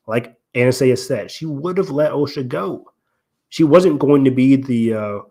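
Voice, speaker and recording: A man of ordinary pitch co-hosting a casual podcast. He unpacks story details at length in an analytical, explaining way. His ums and restarts keep it loose and conversational. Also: darkish tone. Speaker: podcast co-host.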